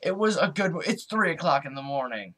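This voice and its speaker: A man's voice: fairly high pitch, animated, brisk, a bit bright, breathy edge. A man co-reviewing a movie in casual chat, mostly chiming in briefly with blunt, crude quips.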